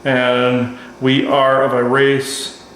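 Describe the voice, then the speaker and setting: A man's voice: medium pitch, completely flat delivery, extremely slow, fairly bright tone, slight background noise. A man voicing a courteous male alien envoy who speaks with formal, old-fashioned politeness and little giggles, in a very echoey room. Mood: courtly.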